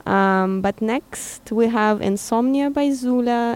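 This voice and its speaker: A woman's voice: medium pitch, measured pace, few pauses, darkish tone. A woman community radio DJ reading a public service announcement in a studio, then chatting loosely with "um" fillers as she introduces the next songs. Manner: reads smoothly, then chats with "um" fillers.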